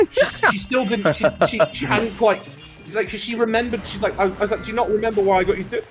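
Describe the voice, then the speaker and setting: A man's voice: sits high, fairly quick, faint music behind. Swearing Welsh man telling rambling stories. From Wales. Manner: rambling storyteller, swears freely, lively laughter. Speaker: co-commentator. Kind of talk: casual chat.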